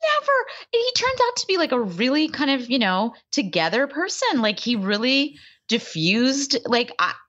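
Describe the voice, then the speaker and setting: A woman co-hosting a casual chat, recapping a reality show, expressive and quick to laugh. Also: high voice, muffled recording. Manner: expressive, laughs often, voice swings up and down. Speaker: podcast co-host.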